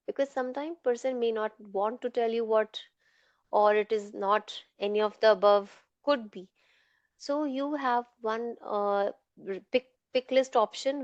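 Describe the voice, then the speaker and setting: A woman's voice: fairly high pitch, a little mellow, dry recording. A woman giving a lecture on clinical data management, talking through it step by step with frequent "okay" and "you know". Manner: explanatory, many fillers like "okay" and "you know". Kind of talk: online lecture. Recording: dull dry lo-fi audio.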